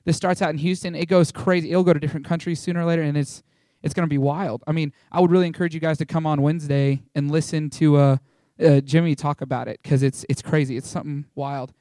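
A young man giving an informal, rambling testimony to a small church, excitable and full of fillers and restarts. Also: on the high side, fast talker, dry recording, clean studio sound. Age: young adult.

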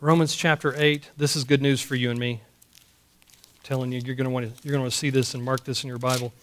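A man's voice: mid-range voice, little pitch movement, brisk. A man preaching a sermon in an emphatic way, repeating key phrases and asking the congregation rhetorical questions. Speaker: pastor. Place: church service.

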